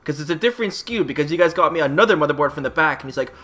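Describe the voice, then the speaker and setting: A streamer and YouTuber with a fairly high voice races through a long, exasperated story in a casual vlog. He swears often and animatedly acts out both sides of the conversation.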